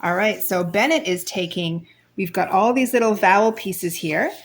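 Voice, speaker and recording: A woman's voice: mid-range voice, normal speed. A woman in her thirties, a homeschooling mother, patiently teaching her kids at home and chatting to the camera in between. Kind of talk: casual teaching and vlog commentary. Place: family home.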